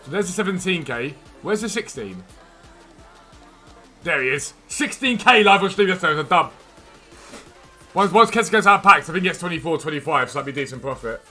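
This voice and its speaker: A man hosting a live game stream, chatting casually and quickly answering viewers' questions from chat. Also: on the high side, expressive, bright, forceful tone, faint music behind.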